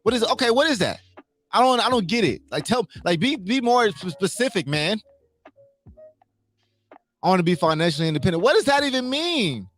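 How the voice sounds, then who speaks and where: A man's voice: high voice, very animated, brisk, long pauses, a bit bright, soft background music. A man hosting a casual motivational livestream, emphatic, repeating his points and asking his listeners questions.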